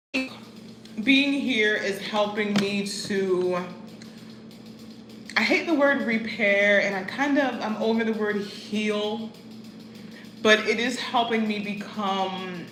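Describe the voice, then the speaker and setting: A woman vlogs casually about life as an expat, her chatter full of "like" and "you know what I mean." Her mid-range voice sounds pushed and bright, and the recording is rough with an echoey room.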